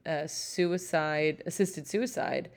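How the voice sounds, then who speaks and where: A woman's voice: low-pitched, slow, clear, resonant tone. A young adult woman co-hosting a casual podcast chat. She talks in a rambling, hedging way, with a lot of fillers. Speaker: podcast co-host.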